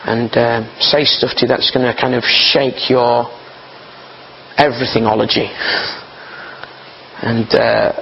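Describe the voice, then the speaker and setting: Male preacher, mid pitch, earnest and conversational, repeats words, slightly muffled audio. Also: little pitch movement, unhurried, vocal fry, pauses often, a little hiss or hum. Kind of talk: informal sermon. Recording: slightly dull, muffled recording.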